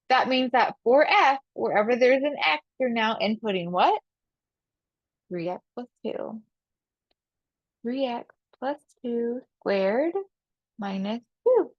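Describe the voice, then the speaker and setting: A woman's voice: on the high side, dry recording. Woman teaching math in a dull, dry recording. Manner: talks through steps aloud, asks and answers her own questions, repeats key phrases. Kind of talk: recorded video lesson.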